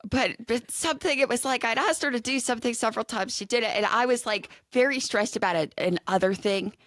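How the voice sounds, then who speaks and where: A woman's voice: on the high side, brisk, a bit bright, dry recording. A woman in her thirties co-hosting a casual podcast, self-deprecating and quoting herself dramatically. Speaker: podcast co-host. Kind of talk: casual chat.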